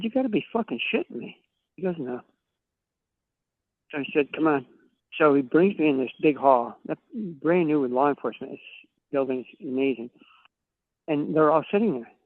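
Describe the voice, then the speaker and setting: A man's voice: on the high side, dry recording. A man, a podcast guest, tells long profane stories and acts out the dialogue of the people in them. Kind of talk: casual storytelling chat. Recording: tinny phone-like line, dry.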